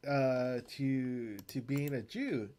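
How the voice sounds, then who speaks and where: A man's voice: mid-range voice, steady tone, slow pace, dark tone. A man co-hosting a podcast, chatting casually, laughing often and swearing as he rambles. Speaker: podcast co-host. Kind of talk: casual chat.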